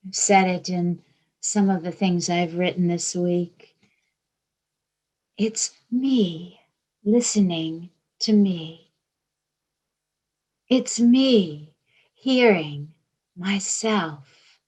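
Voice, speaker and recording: A middle-aged woman with a Georgia accent, giving a reflective spiritual talk in short phrases with long pauses, often dropping to a hushed whisper. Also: fairly low pitch, rough recording. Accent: Georgia (US South). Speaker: spiritual teacher.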